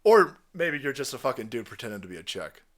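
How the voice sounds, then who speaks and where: Ranting, profane man, lively pitch. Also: fast talker. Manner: ranting, mocking, crude. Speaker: online commentator. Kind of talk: profane reaction commentary.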